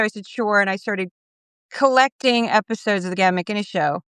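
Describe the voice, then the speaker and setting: A woman guest in a remote interview, telling stories in a lively, animated way and mimicking other people's lines. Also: mid-range voice, normal speed, clear, resonant tone, no room sound. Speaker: guest commentator. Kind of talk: casual interview chat.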